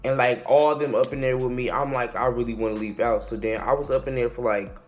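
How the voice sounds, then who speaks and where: A young man telling a casual storytime tale. He is animated and slangy, and he acts out the quotes and the shouting. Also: medium pitch, brisk, faint music behind. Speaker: vlogger.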